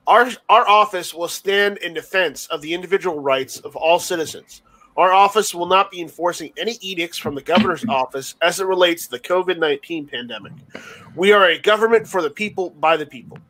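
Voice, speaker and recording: A male host reading a statement aloud on a video call, halting and stumbling over words. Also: high-pitched, a bit bright, poor audio.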